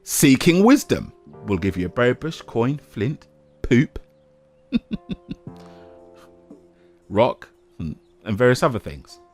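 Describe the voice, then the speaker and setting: Playful man with lively delivery. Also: mid-range voice, takes it slowly, long pauses, soft background music. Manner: playful, self-mocking, bursts of shouting. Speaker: gaming YouTuber. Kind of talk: casual game commentary.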